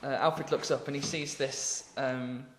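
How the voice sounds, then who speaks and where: A man's voice: mid-range voice, steady tone, unhurried, echoey room, a little hiss or hum. An Englishman co-hosting a podcast, improvising a story in a rambling way with many ums and laughs. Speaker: podcast co-host.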